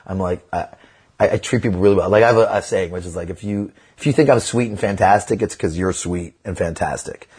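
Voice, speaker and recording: A man's voice: sits low, fast, darkish tone, slightly rough. A middle-aged man, a comedian guest on a casual podcast interview, talking bluntly and with profanity, and telling stories animatedly.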